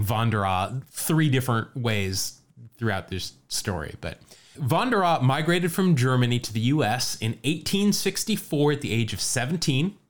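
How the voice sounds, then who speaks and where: A man co-hosting a podcast, telling baseball history in casual chat with frequent laughs and asides. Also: medium pitch. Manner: laughs often, storytelling with asides. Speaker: podcast co-host.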